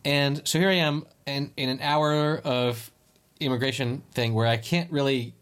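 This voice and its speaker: A man co-hosting a casual podcast, spinning a rambling travel story. He keeps restarting his sentences. His voice sits at a middling pitch. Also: fairly even intonation, a little slow, a bit bright, smooth. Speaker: podcast co-host. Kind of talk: casual chat. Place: lives in Spain.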